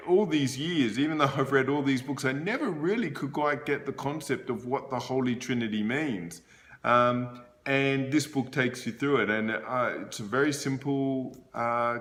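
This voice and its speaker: A man's voice: mid-range voice, fairly bright tone. A man giving a casual book review to camera, rambling with frequent fillers and restarts.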